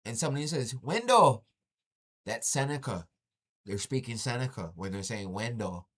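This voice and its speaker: A man casually commenting on a video he is watching, animated and slangy, often exclaiming. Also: lowish voice, fairly quick.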